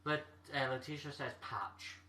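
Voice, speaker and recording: A man's voice: mid-range voice, a little slow, sharp tone. A Scottish man casually joking along as a player in a live stream quiz. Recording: echoey room, distant mic.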